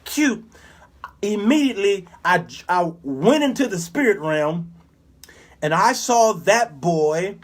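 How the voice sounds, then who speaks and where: A man in his fifties with a high-pitched voice for a man, hosting his own talk show. He tells stories in an animated, preacherly manner, dropping into the voices of the people he describes. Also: takes it slowly. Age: 50s. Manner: preacherly, animated, acts out characters. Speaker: show host. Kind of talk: commentary monologue with storytelling.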